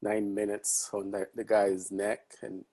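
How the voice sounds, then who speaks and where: A man, a podcast guest and a father, speaking in a measured, thoughtful way, with some hesitations. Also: fairly low pitch, little pitch movement, dark tone, husky, low-quality recording. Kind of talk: reflective conversation.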